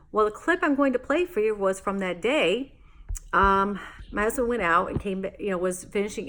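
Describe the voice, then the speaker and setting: A woman vlogging in an exasperated, rambling way, full of fillers and false starts. Her pitch sits in an ordinary middle range for a woman. She tells the story like a casual rant to her viewers. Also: a bit bright. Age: adult, married homeowner.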